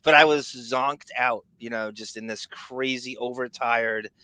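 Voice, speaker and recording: A man's voice: mid-range voice, unhurried, no room sound. A man co-hosting a podcast in a casual, rambling chat, often cutting himself off mid-thought. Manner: excitable, rambling, self-interrupting. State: raspy. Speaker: podcast co-host.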